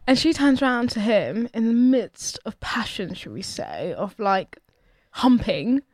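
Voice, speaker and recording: A woman's voice: on the high side, unhurried, dry recording, studio quality. A young woman co-hosting a podcast, telling a story in a chatty, slangy way. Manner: chatty, lively retelling with slang. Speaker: podcast co-host. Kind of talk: casual chat, storytelling.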